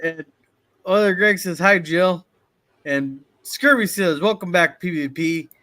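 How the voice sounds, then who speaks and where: A man with a notably high voice co-hosts a casual livestream. He reads viewer comments aloud and greets people in the chat. His delivery is loose and conversational. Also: measured pace, bright, forceful tone. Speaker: co-host reading chat.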